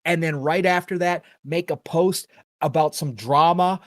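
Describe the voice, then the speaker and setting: A man's voice: fairly high pitch, measured pace, no room sound, studio quality. A middle-aged man hosting a gaming podcast, talking in an earnest, rambling, opinionated way with casual swearing. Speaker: podcast host.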